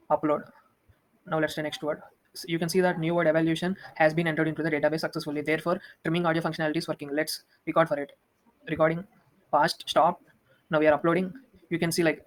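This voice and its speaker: A young man walking through a software demo, talking quickly with many restarts. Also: on the high side, low-quality recording. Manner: fast, flat, with frequent restarts and fillers. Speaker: student presenting a project demo.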